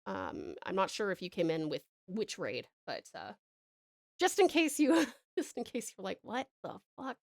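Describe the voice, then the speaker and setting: An Australian woman from Tasmania chatting softly to viewers while she draws, affectionate and rambling with little chuckles. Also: mid-range voice, huge pitch swings, moderate pace, gravelly. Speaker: streamer. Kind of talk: casual livestream chat while drawing.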